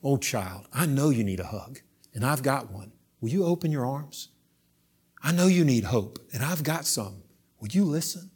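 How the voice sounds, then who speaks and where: Preacher voicing a tender, hushed male savior who pleads gently. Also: medium pitch, lively intonation, moderate pace, husky.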